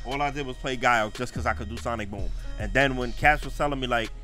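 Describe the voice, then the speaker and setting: A man's voice: mid-range voice, quick pace, loud music behind the voice. A man, telling stories in a casual podcast chat and acting out old conversations. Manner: animated storytelling, acts out old conversations. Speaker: podcast guest.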